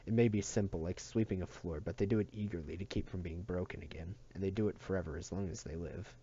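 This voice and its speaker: A man voicing a cruel grown keeper who speaks in a thin, soft, wheedling tone. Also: lowish voice, quick pace, lo-fi sound, lightly acted.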